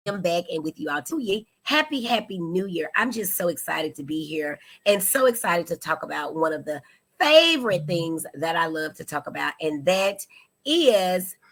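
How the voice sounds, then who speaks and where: A woman hosting a live-stream talk show from a studio, animated and chatty as she greets viewers by name. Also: on the low side, normal speed. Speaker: host.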